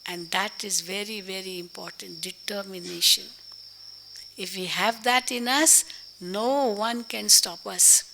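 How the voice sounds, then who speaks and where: A woman teaches a spiritual class in a bright, gravelly voice. She leans hard on key phrases, says them again, and poses rhetorical questions. Faint crickets chirp in the background. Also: medium pitch, a little slow, slight background noise, poor audio.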